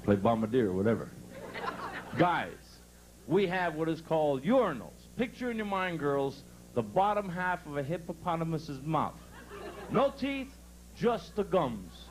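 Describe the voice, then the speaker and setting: A man's voice: on the high side, big pitch swings, a little slow, a little hiss or hum, poor audio. A man doing stand-up for a live crowd, telling folksy dirty jokes and laughing at his own punchlines. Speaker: stand-up comedian.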